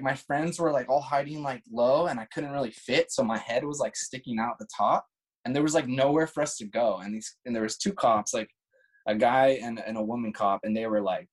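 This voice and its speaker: A man's voice: medium pitch, brisk, low-quality recording. A man in his thirties telling a story as a guest, casual and full of slang and swearing. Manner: laid-back, swears, lots of "like" and "dude".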